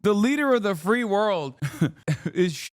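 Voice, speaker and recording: Sarcastic guy ranting on stream, swears a lot, slightly high, dry close sound. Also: expressive, unhurried, no room sound. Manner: sarcastic, profane, laughs often. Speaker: streamer and political commentator. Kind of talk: live-stream reaction commentary.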